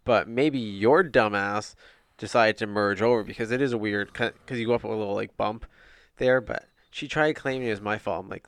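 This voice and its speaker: A man with a lowish, smooth, resonant voice, chatting casually. He retells his run-ins with an indignant edge, recorded close with no room sound. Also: normal speed, dry recording. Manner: indignant storytelling. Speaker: podcast co-host. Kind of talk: casual chat.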